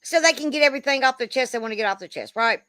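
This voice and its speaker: A commentary creator in her fifties launches into a casual, rambling rant, rapid-fire and profane, saying "bro" a lot. Her voice is bright, forceful and a little high for a woman, recorded close and dry.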